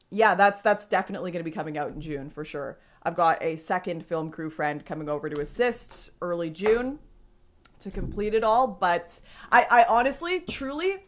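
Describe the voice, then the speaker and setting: A young woman talks straight to her viewers on a casual livestream, rambling and laughing often. Her voice sits a little low, and she speaks into a computer mic. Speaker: livestream host.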